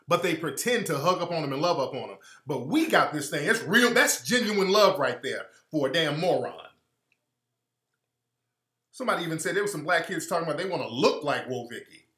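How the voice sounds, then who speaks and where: A man hosts a heated live stream from home, preaching his points and repeating them for weight. His voice sits a bit high and comes out bright and forceful. The webcam mic picks up a roomy echo. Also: animated, a little fast.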